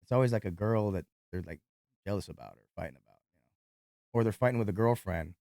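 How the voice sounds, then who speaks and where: A man who works as a nightclub bouncer tells a fight story in an interview, animated and profane. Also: fairly low pitch, fast, gravelly, dry recording, clean studio sound.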